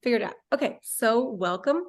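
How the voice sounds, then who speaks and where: A woman presenting a talk with slides over a video call, rambling and warm, with many fillers. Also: fairly high pitch, expressive, brisk. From Florida, USA. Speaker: guest speaker.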